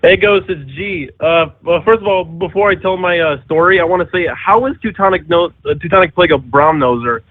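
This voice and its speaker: A man's voice: high voice, fairly quick, few pauses. A man calling into a radio show to tell a story, hesitant with many fillers. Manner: hesitant, lots of uhs. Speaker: caller. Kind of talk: telling a story on a call-in show. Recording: tinny phone line.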